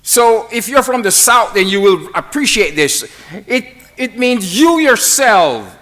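A man preaching a sermon in a fairly high, very animated voice. He takes his time, leaning on single words and letting pauses hang between short phrases. The delivery is emphatic and deliberate.

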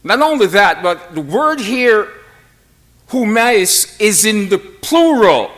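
A man preaching a sermon to a congregation, slow and emphatic, with dramatic pauses between phrases. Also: high-pitched, very animated, fairly bright tone.

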